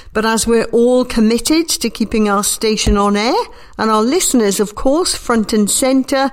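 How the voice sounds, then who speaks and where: A woman with a slightly nasal voice, presenting a hospital radio show from home in a gentle, reassuring way. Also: mid-range voice.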